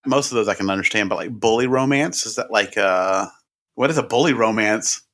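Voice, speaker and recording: A man's voice: fairly low pitch, fairly quick, a bit bright. A man in his fifties co-hosting a podcast, chatting in an easygoing, joking, rambling way. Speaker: podcast co-host. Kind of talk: casual podcast chat.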